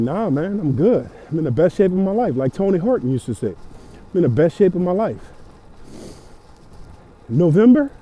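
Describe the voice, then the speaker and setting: A man's voice: fairly high pitch, dark tone, muffled recording. A man, ranting preachily and emphatically about fitness while riding a bike outdoors in the cold. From Louisiana. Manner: preachy, emphatic, repeats himself. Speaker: fitness vlogger. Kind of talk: motivational rant.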